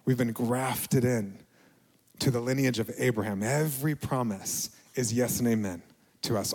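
A middle-aged male pastor giving a reflective, confessional sermon, with quiet dips to near a whisper. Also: mid-range voice, big-room sound.

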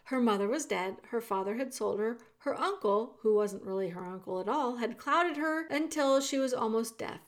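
A woman reading a children's novel aloud in a slow, measured way. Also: on the high side, lively intonation. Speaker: reader.

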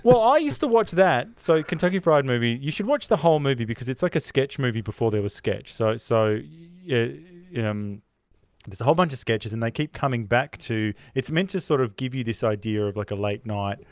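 A man co-hosting a film podcast, talking in a loose, rambling way that is full of restarts. His voice sits at an ordinary middle pitch and is heard up close on a dry mic with no room sound. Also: brisk, no echo. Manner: rambling, many restarts, animated when retelling scenes. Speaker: podcast co-host. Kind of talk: casual film discussion.

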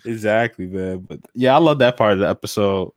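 A man's voice: on the low side, fairly quick, dry recording, studio quality. A man co-hosting a casual podcast chat, laid-back and playful. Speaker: podcast co-host.

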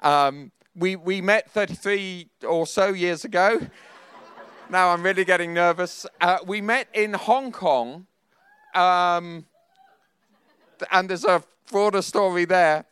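A man's voice: high-pitched, a bit bright, clear, resonant tone, no echo. A man in his fifties preaching a sermon, telling personal stories in a chatty, self-deprecating way with nervous laughs.

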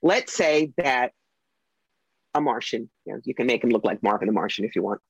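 A woman psychic and author telling stories in a casual interview, animated and acting out the voices of the people she quotes. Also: a bass voice, brisk, breathy edge, no echo. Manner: animated storyteller who acts out quoted voices. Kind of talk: casual interview talk, storytelling. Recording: dull lo-fi recording.

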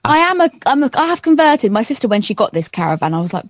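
A woman's voice: fairly high pitch, sing-song, fast talker. A young woman from Norfolk with a Norfolk accent, chatting casually on a podcast and laughing often. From Norfolk, England. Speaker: radio presenter guest. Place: caravan.

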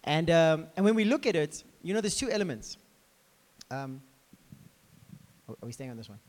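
A man preaching a lively sermon to a congregation in a crowded hall, talking with them conversationally. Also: on the high side, moderate pace. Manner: animated, conversational, talks to the congregation. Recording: reverberant hall.

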